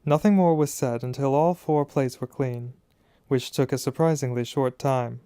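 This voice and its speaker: Guy reading an audiobook, mellow smooth voice, dry close sound. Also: medium pitch, dry recording. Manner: measured, expressive storytelling. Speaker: audiobook reader. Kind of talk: audiobook narration.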